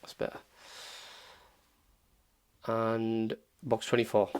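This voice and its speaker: A man teaching Quranic pronunciation in a relaxed tutorial, patiently repeating sounds slowly. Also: medium pitch, smooth, no room sound. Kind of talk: relaxed tutorial, modelling Arabic phrases slowly.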